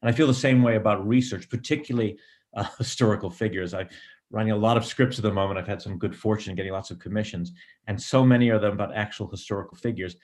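A middle-aged man speaking in a low register, answering interview questions about writing. He is thoughtful and digressive, circling his points with frequent ums and restarts. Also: quick pace, darkish tone. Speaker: screenwriter and director.

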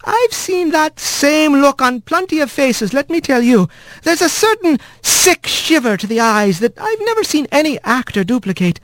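A man voicing a brisk, kindly female wren nurse in a storybook, speaking in a prim, earnest and precise way. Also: very high-pitched, sing-song, a bit bright, no echo, pitched above the performer's own voice, exaggerated voice.

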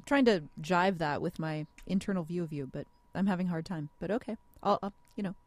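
A woman guest-hosting a radio interview, chatty and quick to laugh. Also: on the low side, dry recording.

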